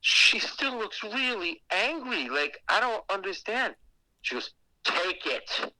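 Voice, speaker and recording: A man telling a creepy personal story on a podcast in a casual, animated way, swearing often. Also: high voice, measured pace, no room sound, poor audio. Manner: animated and heavily profane, with acted asides. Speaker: guest telling a ghost story.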